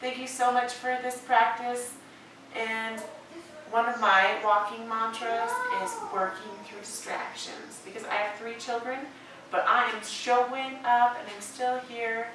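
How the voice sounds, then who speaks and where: A woman yoga instructor giving gentle, encouraging cues with drawn-out phrasing and playful, chatty asides. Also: on the high side, a little hiss or hum. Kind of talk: guided yoga class talk. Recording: echoey room, distant mic, music behind.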